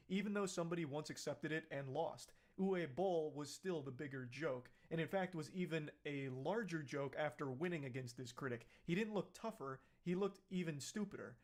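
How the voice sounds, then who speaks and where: A man's voice: a little high, fairly quick, hardly any pauses. A man giving sarcastic, mocking reaction commentary on a video clip. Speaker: commentary YouTuber.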